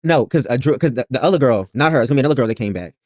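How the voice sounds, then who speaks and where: A man's voice: mid-range voice, lively intonation, racing, a little mellow, no room sound. A man hosting a reaction video, recapping a reality show in a rambling, blunt and profane way.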